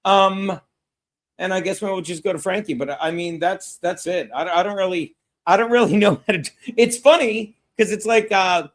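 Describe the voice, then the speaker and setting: A man hosting a comedy podcast, talking loud and profane, joking with lots of stammering restarts. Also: high-pitched, normal speed. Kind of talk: casual comedic banter.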